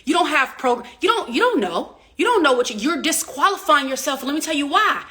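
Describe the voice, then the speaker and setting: High-voiced woman preaching real estate motivation. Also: very animated, brisk, bright, forceful tone, dry recording. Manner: preachy, emphatic, repetitive call-and-response. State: getting out of breath. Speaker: real estate coach and agency owner. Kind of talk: motivational livestream talk.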